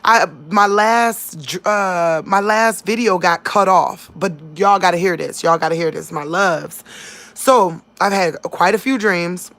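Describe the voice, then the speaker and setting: A woman's voice: lowish voice, unhurried. A woman, telling her viewers about a dream in a casual, emotional way. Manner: emotional, talks straight to viewers, animated. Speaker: vlogger sharing dreams.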